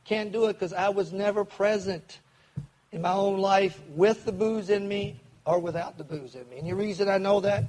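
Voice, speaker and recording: An older Kentucky man with a high, somewhat mellow voice earnestly tells his recovery story to a meeting audience, captured in a rough recording. He acts out quoted voices and speeds up and slows down as he goes.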